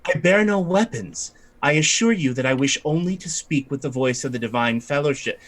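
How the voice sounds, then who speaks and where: A man voicing a calm, peaceful woman witch ambassador who speaks in a calm but firm manner. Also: a little high, normal speed, lightly acted.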